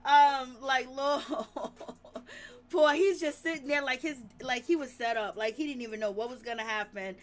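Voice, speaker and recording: A woman's voice: high voice, moderate pace, soft background music. A woman hosting a live-stream recap of reality TV, chatting animatedly and laughing often as she retells the drama. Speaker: reality TV commentary host.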